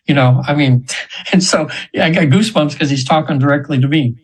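A man in his seventies, a hypnosis practitioner, telling stories in a chatty, rambling way with laughs and quick high voices for the people he quotes. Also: slightly rough, low-quality recording. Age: 70s. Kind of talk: storytelling in an interview.

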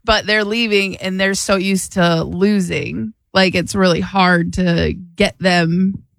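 A woman on a radio show, talking casually, tired and halting with many restarts. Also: lowish voice, fairly even intonation, vocal fry, no room sound, clean studio sound. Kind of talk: casual chat.

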